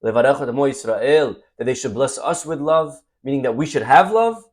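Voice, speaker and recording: Rabbi guy giving a torah class, lively, reads hebrew lines then explains them. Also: mid-range voice, a little fast. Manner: animated, addresses listeners as "my friends"; reads Hebrew verses aloud and translates them.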